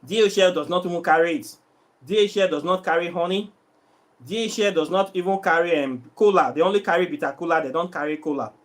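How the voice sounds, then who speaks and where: A man's voice: high voice, fast. A Nigerian man with a Nigerian accent that slips into Pidgin, ranting casually to his viewers as a vlogger who sells herbs, complaining in an exasperated, repetitive way. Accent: Nigerian, mixing in Pidgin. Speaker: vlogger selling herbs and spiritual products. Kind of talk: casual vlog rant to viewers.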